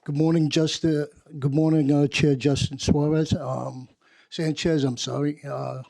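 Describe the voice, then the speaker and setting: Halting union man testifying at hearing. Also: a little high, flat delivery, creaky, mellow, dry recording. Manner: halting, restarts phrases, stumbles on words. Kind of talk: reading prepared testimony. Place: council hearing chamber.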